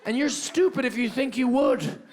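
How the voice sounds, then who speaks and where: A man's voice: very high-pitched, expressive, normal speed, over a noisy crowd, heavy background noise. A man from Seattle doing a stand-up comedy set on stage with a handheld mic, ranting energetically with restarts and frequent "right?". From Seattle, USA. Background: audience laughter.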